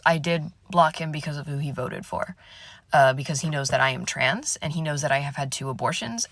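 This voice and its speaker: A woman speaking a slow, measured selfie video monologue. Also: deep voice, a bit bright, dry recording.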